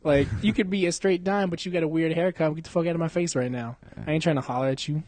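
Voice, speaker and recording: A young man in his twenties hosting a crude casual chat, his voice sitting a little high for a man. He swears, slings slang and laughs a lot. The sound is dry, with no room echo. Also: steady tone, quick pace, a little mellow. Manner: profane, laughs often, slangy.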